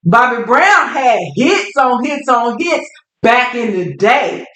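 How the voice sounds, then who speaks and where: A woman's voice: fairly high pitch, lively intonation, slow pace, fairly bright tone. A woman co-hosting a casual podcast chat, talkative and colloquial, laughing easily as she talks. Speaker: podcast co-host. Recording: roomy echo.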